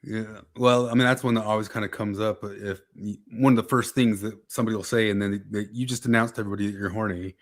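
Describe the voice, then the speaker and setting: A man co-hosting a casual podcast chat in an offhand, relaxed manner. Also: fairly low pitch, fast, hardly any pauses. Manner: relaxed, offhand, many fillers like "um" and "you know". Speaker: podcast co-host.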